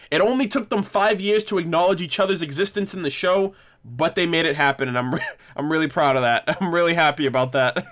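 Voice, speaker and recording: A man's voice: a little high, a bit bright. A man hosting a casual livestream discussion, rambling and correcting himself with frequent laughs. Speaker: livestream host.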